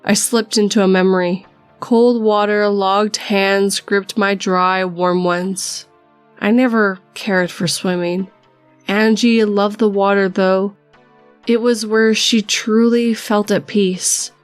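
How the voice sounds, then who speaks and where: Female horror narrator, measured storytelling, mid-pitched, soft music bed. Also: steady tone, smooth, no room sound. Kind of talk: first-person horror narration.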